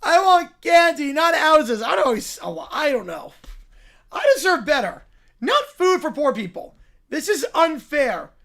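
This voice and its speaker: A woman voicing a shrill whiny spoiled girl. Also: very animated, measured pace, creaky, a bit bright, heavily acted. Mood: whining. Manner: shrill, whining, demanding.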